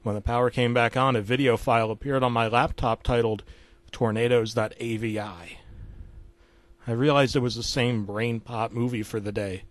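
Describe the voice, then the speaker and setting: A man telling a creepypasta story in a relaxed, conversational voice at a middle pitch. The recording is dry and close, with no room around him. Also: normal speed, dry recording. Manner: casual storytelling, dropping to a hush for gory parts. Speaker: narrator.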